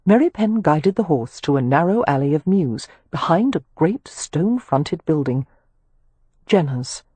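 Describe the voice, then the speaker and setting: Audiobook narration, lively intonation, husky voice, dry close sound. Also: mid-range voice, a little slow, no room sound. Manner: expressive, animated storytelling.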